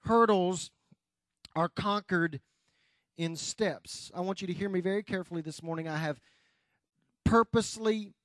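A man preaching a morning sermon, emphatic and building to shouts at times. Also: high-pitched, normal speed, long pauses, no echo. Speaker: pastor.

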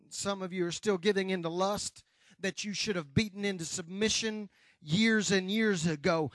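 A man preaching a morning sermon, emphatic and building to shouts at times. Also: sits high, fairly even intonation, moderate pace, no room sound. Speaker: pastor.

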